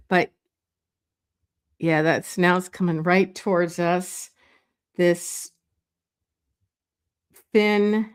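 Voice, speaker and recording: A woman with a smooth, fairly low voice narrates a drawing live as she creates it, unhurried and unpolished. She muses, corrects herself mid-sentence and adds little remarks to her audience with easy laughs, much like a teacher sketching next to you.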